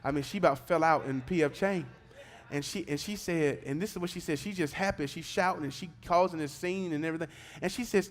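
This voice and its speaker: High-voiced preacher. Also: male voice, fairly quick. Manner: preaching, swings from conversational storytelling to fervent exhortation. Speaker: pastor. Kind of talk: sermon. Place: church service.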